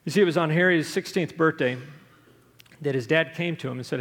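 Pastor guy preaching, gravelly, kinda high voice, storytelling, long echo in the church. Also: fairly quick, a bit bright. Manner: earnest storytelling preacher, acts out quoted voices. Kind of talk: sermon. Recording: long hall reverb.

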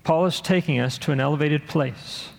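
A man's voice: a little high, normal speed, vocal fry. A man preaching a sermon with earnest delivery, sometimes acting out the voices of people he quotes. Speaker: pastor. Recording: long hall reverb.

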